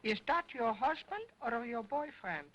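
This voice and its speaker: A cheeky wooden boy dummy, cracking jokes in mangled grammar. His voice swoops up and down with lively pitch, and he takes his time over each line in early sound film style. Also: measured pace, highs cut off, heavy background noise, full character voice. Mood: sassy. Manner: sassy, broken grammar, mocking.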